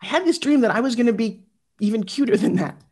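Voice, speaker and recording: Animated woman in her fifties giving a motivational speech. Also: a little high, fast. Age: 50s. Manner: animated, confessional, talks straight to the audience. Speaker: motivational speaker.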